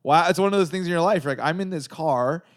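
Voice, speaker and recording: A man's voice: on the high side, quick pace. A man from Southern California, a comedian guest, telling a long story in casual chat, rambling and swearing with lots of filler words. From San Gabriel Valley, California.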